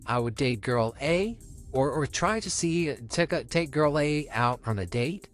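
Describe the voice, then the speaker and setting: A man's voice: on the high side, animated, a little slow, soft background music. A young man co-hosting a podcast, talking casually and easygoing about dating and his girlfriend. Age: young adult. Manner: easygoing, rambling with restarts. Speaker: podcast co-host.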